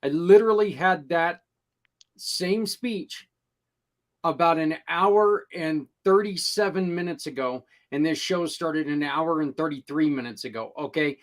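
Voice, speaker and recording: A man's voice: a little high, a little slow. A man hosting a podcast, emphatic and insistent as he asks his guest questions. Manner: emphatic, insistent, repeats "literally". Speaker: podcast host. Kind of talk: conversational interviewing.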